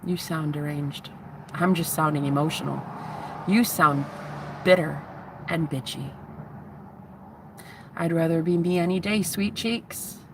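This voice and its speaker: In her thirties, this woman is a spiritual vlogger delivering a heated, profane, taunting rant straight to the camera. Her voice is deep and her tone steady, moving at a measured pace with long pauses. Background noise can be heard.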